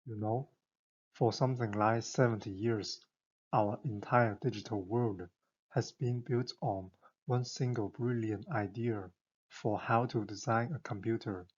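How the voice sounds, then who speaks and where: A man's voice: on the low side, fairly even intonation, a little slow, darkish tone, slightly rough, dull audio. A man giving an enthusiastic, conversational scripted explainer narration, full of rhetorical questions.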